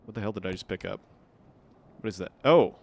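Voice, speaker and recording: A man's voice: lowish voice, a little fast, vocal fry, darkish tone. A man casually commenting on his gameplay during a live stream, wry and swearing when startled.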